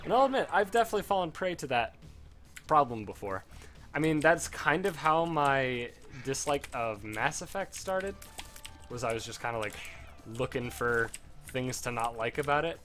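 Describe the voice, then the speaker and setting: A young man talks loosely over his gameplay in a mid-pitched, everyday voice, drifting between topics and tossing in the odd swear. Faint music plays underneath his commentary. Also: expressive, moderate pace, fairly bright tone. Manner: rambling, offhand, swears casually. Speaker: gaming video host.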